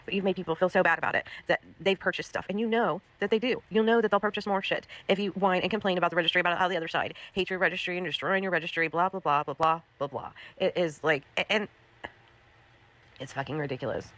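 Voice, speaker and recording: A woman's voice: fairly low pitch, fast, fairly bright tone. A woman hosting a commentary livestream, ranting in an exasperated, profane way, repeating herself.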